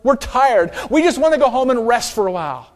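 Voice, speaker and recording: A man's voice: very high voice, big pitch swings, a little fast, voice pushed up, full character voice. A man doing a tired, pleading fisherman. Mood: weary. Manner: weary pleading. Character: tired, weary fisherman complaining.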